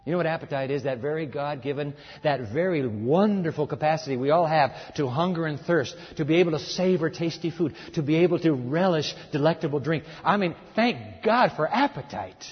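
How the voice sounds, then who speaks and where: A man preaching a sermon in an animated way, acting out voices and urging his listeners to join in. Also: a little high, moderate pace, few pauses, breathy edge. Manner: animated, acts out voices, urges the audience. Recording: echoey hall, dull lo-fi sound.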